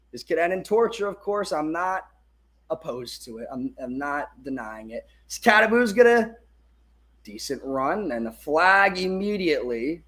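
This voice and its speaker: A man with a high-pitched voice calls a game live as a fan streamer, talking into a phone held in his hand. He is excitable and curses freely. He swings between hyped shouting and quiet, muttered asides. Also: moderate pace. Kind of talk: excited live sports watch-along commentary.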